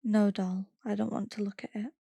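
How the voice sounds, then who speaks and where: A woman reading aloud the quoted lines of a blunt, frightened man in her own flat voice. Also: medium pitch, normal speed, gravelly, husky, no room sound.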